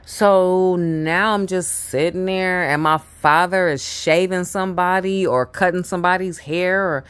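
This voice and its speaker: A woman tells a story at an unhurried pace. She stumbles and repeats words, then trails off into quiet mutters before picking the thread back up. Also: on the low side. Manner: halting, repeats herself, drops to mutters. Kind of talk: casual personal storytelling.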